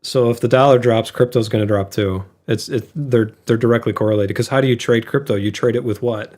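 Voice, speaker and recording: A man with a dark, mellow voice talks loosely as a podcast co-host. He rambles through his points, with frequent "uh"s and restarts. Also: mid-range voice, a little fast. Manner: rambling explanations with fillers and laughs. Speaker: co-host of an investing show. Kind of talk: casual podcast chat.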